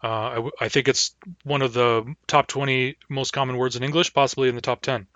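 Guy teaching a language class, patient, says words over slowly, bright voice, dry dull recording. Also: medium pitch, little pitch movement, no room sound.

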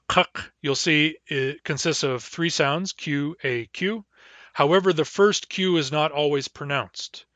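A man's voice: on the high side, a bit bright, no echo. Patient man teaching a language lesson. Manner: patient, explains step by step, slows down to model words.

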